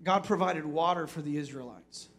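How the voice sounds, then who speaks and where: A male pastor with a notably high voice gives a short sermon to his congregation. He talks plainly to them one moment and climbs into loud, fervent declarations the next, repeating phrases as he presses his point. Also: normal speed. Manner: preachy, rising to shouts and dropping low, repeats himself.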